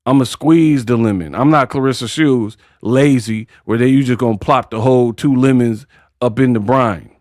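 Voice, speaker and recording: A man hosting a boxing livestream, ranting in an animated, mocking, slangy way. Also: mid-range voice, normal speed, dry recording, clean studio sound. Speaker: boxing commentary livestream host. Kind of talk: casual livestream rant.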